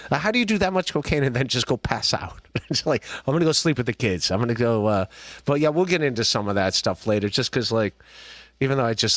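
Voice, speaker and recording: A man's voice: a little high, fairly bright tone, no room sound. A man hosting a podcast livestream, rambling through casual commentary with jokes, restarts and laughter. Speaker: podcast host.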